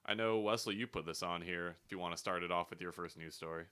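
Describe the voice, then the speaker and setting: A man's voice: sits low, fast talker, bright, forceful tone, clean tone. A young man hosting a casual gaming podcast in a laid-back, joking way. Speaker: host. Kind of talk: casual chat.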